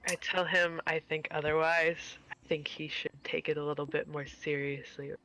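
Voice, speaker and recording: A man playing a tabletop game, speaking in a hesitant, halting, earnest way. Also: fairly high pitch, level tone, pushed and bright. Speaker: player. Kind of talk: casual tabletop play.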